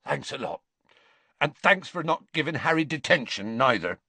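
A man voicing a huge, soft-hearted gamekeeper who speaks in rough rustic dialect, choked with grief and tears. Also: on the high side, animated, moderate pace, no room sound, pitched above the performer's own voice, exaggerated voice.

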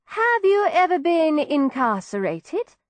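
A plain, officious matron, as a woman puts her on who asks her questions in a brisk, clipped way. Her voice sits raised and bounces lively. The sound is close and dry. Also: high voice, no echo, pitched above the performer's own voice, full character voice. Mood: brisk official. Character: plain, stern but kindly workhouse matron.

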